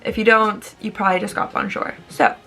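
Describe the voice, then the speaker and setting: A young woman, an online English teacher, explaining in a casual, bubbly, animated way and acting out words. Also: mid-range voice, brisk, faint music behind.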